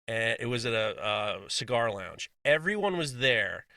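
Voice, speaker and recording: A man's voice: mid-range voice, very animated, moderate pace, bright, forceful tone, no echo, clean studio sound. A man co-hosting a casual podcast, reading listener messages aloud with frequent laughs and blunt, swearing asides.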